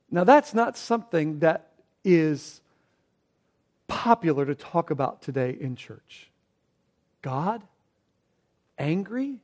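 A pastor delivers a sermon in a high, light male voice. He speaks slowly and deliberately, repeating words as he builds. He swings between emphatic rises and hushed drops. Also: animated. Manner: preaching with emphatic rises and quiet dramatic drops.

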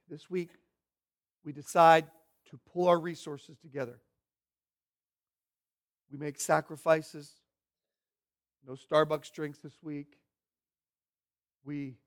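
A man with a notably high voice preaches a sermon. He poses question after question in an earnest tone and often trips over and repeats his words as he works through his point. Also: fairly even intonation, a little slow, pauses often. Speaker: pastor.

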